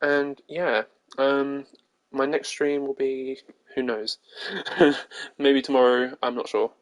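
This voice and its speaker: Hoarse man chatting on a gaming stream. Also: medium pitch, flat delivery, takes it slowly, no echo. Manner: chatty, laughs between sentences. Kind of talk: casual gaming stream chat.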